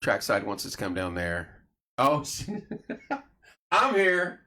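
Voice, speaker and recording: Speaking slowly in a lowish voice and pausing often, a middle-aged late-night chat show host tells stories in a casual setting. He animates them by putting on the voices of anyone he quotes.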